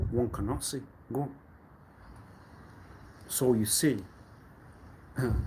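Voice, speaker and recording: A man talking alone on a live stream in a rambling, cryptic monologue, swinging between low mutters and sudden loud bursts. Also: noisy background.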